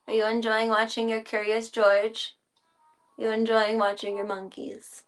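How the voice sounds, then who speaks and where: A woman's voice: on the high side, monotone, a little slow. A woman streaming casual chat, narrating chores and talking baby-talk to her cats.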